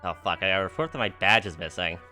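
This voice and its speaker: A man's voice: deep voice, fast, pushed and bright, faint music behind. A man streaming a game live, reading its dialogue aloud and joking, laughing and swearing in between. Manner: swears freely, laughs often, jokes while reading dialogue.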